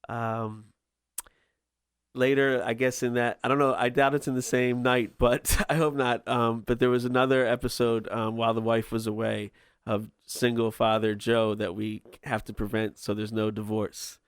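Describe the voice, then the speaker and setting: Podcast guest, male, smooth close dry voice, rambles and hesitates. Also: medium pitch, level tone, normal speed, no echo. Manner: rambling, many ums. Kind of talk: casual chat.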